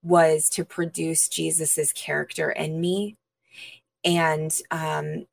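Low, gravelly-voiced woman sharing a testimony. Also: level tone, no room sound. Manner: earnest, pausing with frequent fillers. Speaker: interview guest, minister. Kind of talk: personal testimony in an interview.

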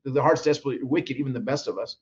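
A man's voice: mid-range voice, rapid-fire, muffled recording. A man guest minister telling stories in an interview, acting out quoted voices with frequent restarts. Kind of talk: animated storytelling interview.

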